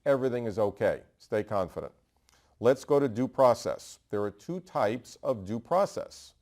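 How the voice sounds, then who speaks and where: Brisk New York-born man lecturing. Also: mid-range voice, lively intonation, a little mellow. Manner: quizzes himself aloud with rhetorical questions and answers; brisk and emphatic, repeating key terms. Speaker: bar exam instructor. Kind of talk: energetic law review lecture.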